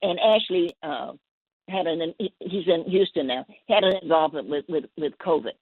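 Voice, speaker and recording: A woman poet guesting on a call-in show, telling a story in a gentle, rambling way with many restarts. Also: low-pitched, moderate pace, husky, dry recording. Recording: tinny phone line.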